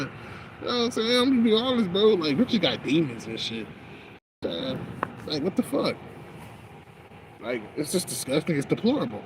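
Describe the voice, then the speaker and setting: A man's voice: a little high, very animated, normal speed, pauses often. A man in a rambling casual monologue, cursing and using slang as he drifts between thoughts, outdoors on a night smoke break. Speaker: vlogger. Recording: noisy outdoor street with traffic.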